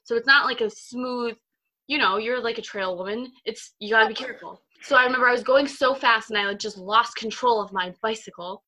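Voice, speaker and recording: A woman's voice: fairly high pitch, a little fast, bright, forceful tone. A woman in her twenties co-hosting a podcast over a video call, chatting casually in an upbeat way with lots of fillers. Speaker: podcast co-host. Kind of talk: casual chat.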